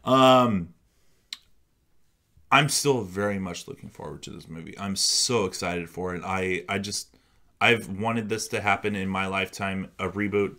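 A man's voice: sits low, measured pace, sharp tone. A young man co-hosting a casual movie chat, rambling and swearing often. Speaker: podcast co-host.

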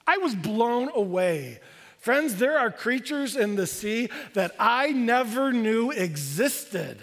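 A man in his fifties, a pastor preaching a sermon with animated, excitable delivery. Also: slow. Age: 50s. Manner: animated, bursts into high excited exclamations. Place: church sanctuary. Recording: long church hall reverb.

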